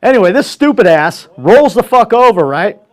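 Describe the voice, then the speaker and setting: A man with a slightly high voice tells a long story alone on his podcast. He swears constantly and keeps the telling loose and animated. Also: normal speed. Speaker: podcast host. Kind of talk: casual solo storytelling.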